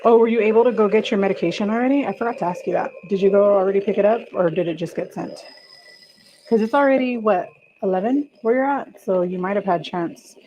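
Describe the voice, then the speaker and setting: A middle-aged woman hosts a home livestream, rambling casually and greeting viewers by name as she makes coffee. Her mid-range voice runs fast, and the audio is dull with a noisy background.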